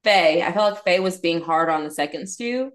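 A woman's voice: fairly low pitch, normal speed. A young woman co-hosting a podcast, chatting casually and hesitantly about reality TV, with many fillers. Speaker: podcast co-host.

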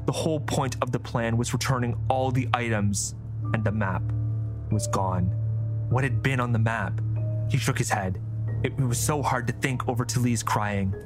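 A man narrates a fantasy story in a steady, scripted delivery. His voice sits in an ordinary middle pitch. Music plays clearly beneath him throughout. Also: moderate pace.

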